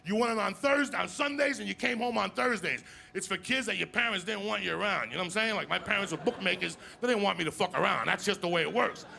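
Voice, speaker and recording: A man doing a crude stand-up set, telling stories loudly and asking the crowd "you understand me?" again and again. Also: high voice, creaky. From New Jersey. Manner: crude, loud, rapid storytelling, repeating "you understand me?". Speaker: stand-up comedian. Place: live comedy stage with audience. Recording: live stage mic with crowd noise.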